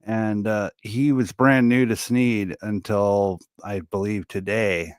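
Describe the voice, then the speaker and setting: A man's voice: lowish voice, steady tone, slow pace, clear, resonant tone, dry recording, studio quality. A man hosting a casual commentary chat, laid-back and swearing freely. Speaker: channel host.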